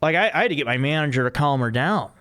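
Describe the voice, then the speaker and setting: Host, male, clear smooth voice, rambling anecdotes, casual podcast chat. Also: fairly high pitch, animated, fast, a bit bright. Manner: rambling storyteller with many restarts and laughs.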